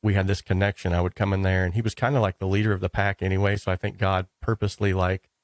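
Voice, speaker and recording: A man hosting an interview, chatting casually and telling stories in an animated way, often saying "dude" and "like". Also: low-pitched, fast talker, no echo. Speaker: podcast host.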